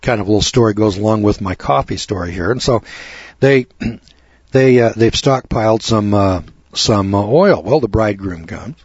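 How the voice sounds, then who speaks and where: A man's voice: fairly low pitch, moderate pace, darkish tone, husky, dry recording. A man hosting a radio talk show, delivering a rambling, preachy monologue that builds to emphatic lecturing. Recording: dull lo-fi dry radio audio.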